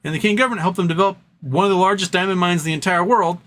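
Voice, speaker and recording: Bright-voiced man riffing on a livestream. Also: sits high, racing. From United States. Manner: animated storytelling with mock voices for quoted parties. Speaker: livestream host. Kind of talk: casual livestream monologue.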